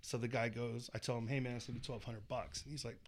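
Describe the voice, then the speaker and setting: A man in a relaxed podcast chat tells a long anecdote from his tattoo shop. He slips in and out of quoted voices, jumping up in pitch for the dramatic moments, with a mid-range everyday voice. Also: quick pace. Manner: animated, acts out quoted people. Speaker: tattoo artist and shop owner, guest. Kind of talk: casual storytelling chat.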